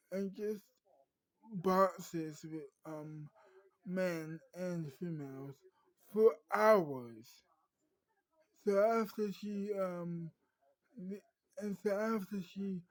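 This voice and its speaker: Brief: male storyteller, slow and hesitant, mellow dry voice. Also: sits high, dry recording, poor audio. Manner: halting, many ums and restarts. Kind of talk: improvised spoken story.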